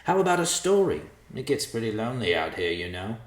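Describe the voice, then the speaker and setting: A man voicing a lonely, mocking old male vulture who talks slowly and sneeringly. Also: lowish voice, very animated, echoey room, voice pushed up. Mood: smug.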